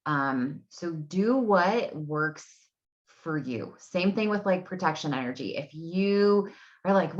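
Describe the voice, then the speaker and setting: A low-pitched woman in her thirties talks casually from home as an energy healing coach, wandering from point to point with plenty of "um" and "you know." Her voice sits deep for a woman. The sound is dull and lo-fi, like a simple home recording. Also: expressive, slow. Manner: chatty, rambling, many fillers. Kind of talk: casual solo talk to camera. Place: home room. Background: dogs barking.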